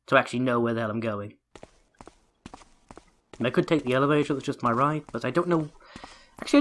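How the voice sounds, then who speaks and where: A man's voice: medium pitch, sing-song, fast talker, pauses often, slight background noise. A man hosting a let's play, giving joking, self-mocking gameplay commentary into a desk microphone and talking to the game character.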